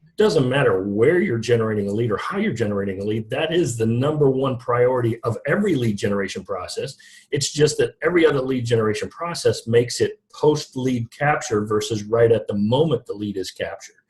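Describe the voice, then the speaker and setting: A man's voice: medium pitch, animated, fairly quick, a little mellow. A middle-aged man as an interview guest, talking casually about sales with restarts and chuckles. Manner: conversational, restarts sentences, laughs at own jokes. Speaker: guest, lead generation company founder.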